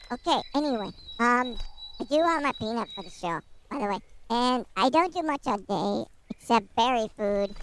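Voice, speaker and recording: A cheeky male squirrel, voiced by a woman, chatters through an interview in a high, squeaky voice that leaps all over the place. He rambles and gets excited. The tone is bright and sharp, with faint outdoor noise behind.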